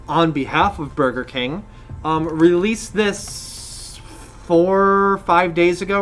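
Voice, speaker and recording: A man co-hosts a live gaming podcast in relaxed chat. His voice sits a little high and he drops dry, joking asides. A faint hum runs underneath. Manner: easygoing, wry asides. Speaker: podcast co-host.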